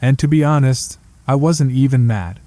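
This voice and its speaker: A man tells a first-person horror story in a gritty, hard-boiled voice. His tone is mellow and warm. The recording is dry and close, with no room sound. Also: mid-range voice, moderate pace, no echo. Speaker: narrator.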